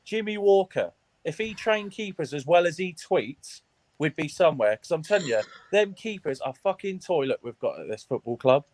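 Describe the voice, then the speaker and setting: A man's voice: on the high side, animated, moderate pace, a little mellow. A man calling into a fan show, furious and blunt, swearing and mocking the team. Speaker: guest fan. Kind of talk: heated football fan rant.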